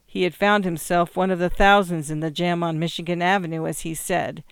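Measured woman reading a story. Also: on the low side, fairly even intonation, clear, resonant tone, dry recording, studio quality. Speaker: audiobook narrator. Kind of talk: storybook narration.

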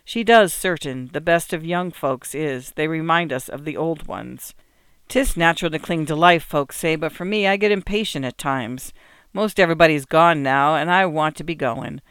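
A man's voice: fairly high pitch, moderate pace, a bit bright, clear, resonant tone, no echo, clean studio sound. A man voicing a feeble, lonely old country man who speaks with a quavering voice in old-fashioned rural phrasing. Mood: weary. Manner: weary, patient, old-fashioned rural speech.

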